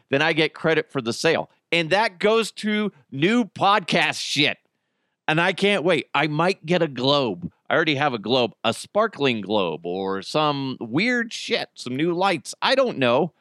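Lively, rambling man hosting a podcast. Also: a little high, no echo, studio quality. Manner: rambling, joking, swears freely. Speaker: podcast host. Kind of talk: casual solo podcast chat.

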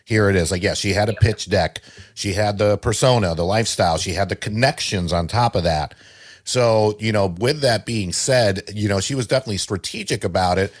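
A male podcast co-host with a husky, lowish voice speaks fairly quickly. His casual chat is loose and rambling, full of fillers.

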